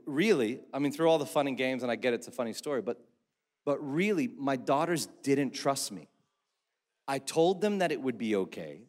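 A male pastor, likely in his thirties or forties, telling a funny family story in a sermon with animated, self-mocking humor. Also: medium pitch. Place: church hall. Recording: echoey church hall.

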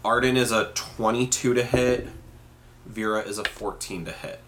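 A man running a tabletop game as game master, hesitant, with many ums and quick apologies. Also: fairly low pitch, fairly even intonation, a bit bright, slight background noise.

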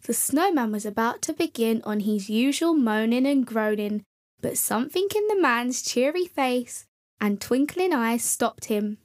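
Lady reading a kids story slow, kinda high voice, gentle. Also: lively intonation. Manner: gentle, addressing children. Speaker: storyteller host. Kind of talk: children's story narration.

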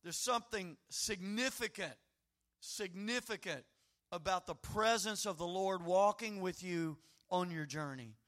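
Guy preaching a sermon, slow deliberate delivery, folksy, acts out the voices. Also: sits high. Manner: folksy, animated preaching with acted prayers and quoted voices. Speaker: pastor.

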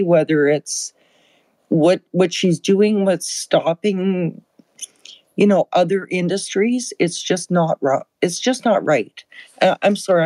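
An older woman from Alberta calling in to a talk show, speaking slowly and emphatically, audibly upset. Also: fairly low pitch, darkish tone, no echo, rough recording. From Alberta, Canada. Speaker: caller. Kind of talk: emotional call-in comment.

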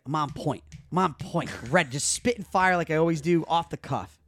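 A man hosting a podcast in a studio, telling stories in a lively, profane way and acting out the scenes. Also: on the high side, normal speed, no echo. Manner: animated, profane, acts out scenes. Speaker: podcast host. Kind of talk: casual podcast storytelling.

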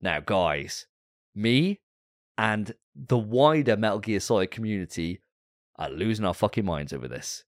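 A man's voice: fairly low pitch, lively intonation, measured pace, dry recording, clean studio sound. Fired-up swearing man. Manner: profane, fired-up ranting. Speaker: podcast co-host. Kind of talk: casual gaming podcast chat.

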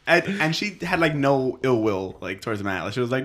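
A man's voice: medium pitch, fast. A man co-hosting a podcast, telling stories in casual chat with lots of laughter and swearing. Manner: animated storyteller, frequent laughs, lively swearing. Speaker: podcast co-host.

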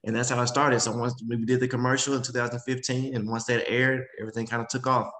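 A man, a guest speaker in an interview, telling his story in a casual, animated way and acting out other people's voices. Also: medium pitch, fast, low-quality recording. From Memphis, Tennessee. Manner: animated, acts out quoted voices.

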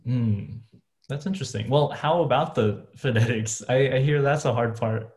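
A man hosting a laid-back conversation, speaking casually and a little loosely, at an ordinary pitch. The sound is noticeably roomy with some echo. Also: moderate pace, crowd noise. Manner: relaxed, informal, chatty. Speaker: podcast host. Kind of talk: casual chat.

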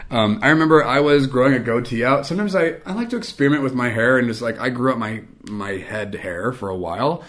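A young adult man telling a casual, rambling anecdote, animated and self-mocking. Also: mid-range voice, fast talker, hardly any pauses. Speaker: storyteller.

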